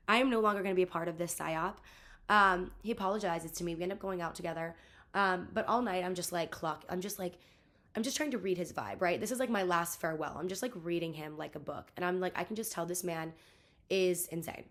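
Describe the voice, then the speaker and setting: Fast-talking, bright-voiced young woman venting. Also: on the low side. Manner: rambling, heavy use of "like", quoting others; exasperated, venting. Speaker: vlogger. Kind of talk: casual storytime vlog.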